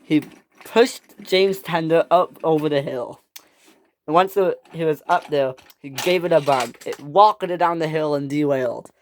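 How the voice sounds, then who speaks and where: Brief: unhurried amateur storyteller narrating a toy train tale, stumbling through restarts, mid-pitched voice. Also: a little hiss or hum. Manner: halting, frequent restarts and fillers. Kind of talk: improvised storytelling with toys.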